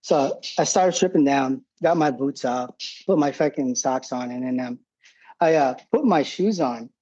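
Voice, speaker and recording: A man's voice: mid-range voice, expressive, a little slow, warm tone, dull audio. A man in his forties, a podcast guest and former combat medic, telling war stories in a rambling, profane way and laughing often. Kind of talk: casual war storytelling.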